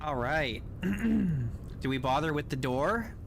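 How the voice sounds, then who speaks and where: Man, let's play commentator, wry jokes, unhurried, coughs now and then. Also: on the high side, lively intonation, vocal fry, slight background noise. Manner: jokey, wry, breaks into loud laughing yelps. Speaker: gaming YouTuber.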